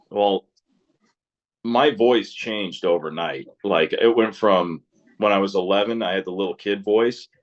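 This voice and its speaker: Brief: man, 30s, very low voice, loose rambling storyteller who cusses, slightly muffled lo-fi sound. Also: unhurried, long pauses. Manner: rambling storyteller, swears freely, laughs often. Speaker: interview guest, musician. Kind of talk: casual interview chat.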